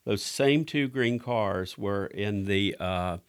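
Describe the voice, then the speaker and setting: A man's voice: fairly low pitch, smooth. A middle-aged man, talking casually on a podcast and restarting his sentences often. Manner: halting, with many restarts. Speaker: director of ministries.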